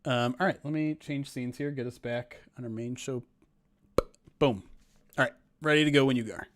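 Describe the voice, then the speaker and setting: A man's voice: medium pitch, moderate pace, a bit bright, dry recording. A man hosting a casual sports podcast, laughing often as he talks. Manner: laughs often while talking. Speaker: podcast host.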